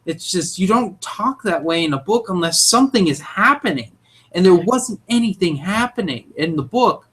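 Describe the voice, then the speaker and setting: A young man with a fairly high voice talks in a casual chat. He is opinionated and animated and cracks crude jokes as he goes. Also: moderate pace, husky. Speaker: podcast co-host.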